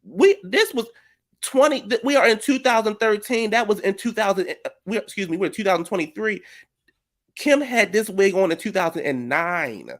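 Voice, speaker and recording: A man's voice: high voice, lively intonation, moderate pace, a bit bright. A man giving a sassy reality TV reunion recap, flamboyant, shady and theatrical. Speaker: reality TV commentator.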